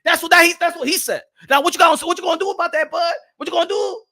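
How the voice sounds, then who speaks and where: A high-pitched man with a bright, sharp voice rants loudly about boxing as a channel host. He repeats himself often and tosses in "huh?" between lines. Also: very fast. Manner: loud, repetitive, trash-talking, keeps asking "huh?". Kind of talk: casual rant to camera.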